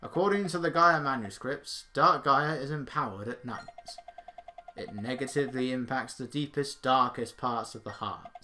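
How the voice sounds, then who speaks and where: A man reading aloud the lines of an earnest, scholarly older male professor from a game, measured and plain. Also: mid-range voice, close to an everyday voice.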